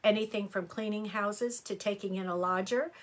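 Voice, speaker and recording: A woman's voice: medium pitch, fairly even intonation, normal speed. A middle-aged woman reading horoscopes on a live stream, chatty and exclamatory, answering viewer comments as she goes. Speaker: astrology reader.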